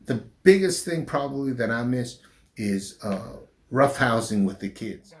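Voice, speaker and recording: A middle-aged man with a faint southern drawl talks about his life in a frank interview. He speaks very slowly, pausing and restarting his sentences, at an ordinary pitch. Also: lively intonation. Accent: slight southern drawl since his stroke. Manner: slow, halting speech with restarts after a stroke. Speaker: pastor. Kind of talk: personal interview.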